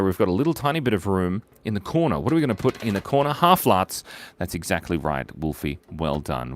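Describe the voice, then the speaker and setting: A middle-aged man hosting a casual live drawing stream, chatty and playful as he reads out viewer suggestions. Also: low voice.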